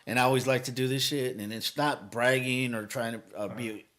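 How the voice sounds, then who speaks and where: A man's voice: medium pitch, fairly quick. A man guesting on a podcast as a motivational speaker, telling stories energetically, cursing freely and acting out what people said. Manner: energetic storytelling, heavy cursing, acts out quotes. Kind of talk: casual podcast chat.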